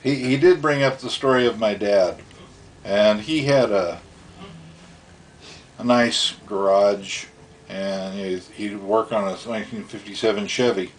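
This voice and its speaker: A man's voice: lowish voice, unhurried, a little hiss or hum. A middle-aged man casually telling stories from his youth at home, rambling and chuckling as he acts out voices. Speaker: storyteller. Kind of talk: casual storytelling.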